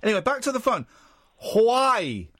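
A man's voice: big pitch swings, brisk, no echo. A man with an English accent hosting a late-night radio phone-in from a studio, joking and bantering with callers. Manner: joking, bantering, drops to a low mutter at times. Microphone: studio microphone.

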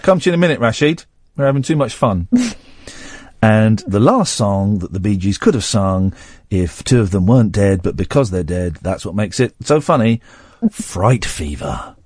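A man's voice: on the low side, lively intonation, normal speed, a little mellow, dry recording, studio quality. A male radio host chatting casually, joking and punning and laughing often.

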